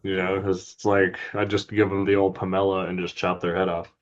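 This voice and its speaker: On a gaming podcast with a dull lo-fi recording, a male co-host talks fairly quickly in a low, flat voice. His chat is loose and profane, broken up by frequent laughter.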